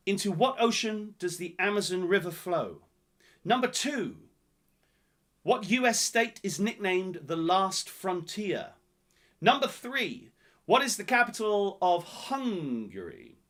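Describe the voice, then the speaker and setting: A man's voice: sits high, a bit bright. A man hosting a live-streamed pub quiz, reading each question several times and chatting to viewers in between. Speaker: quiz host.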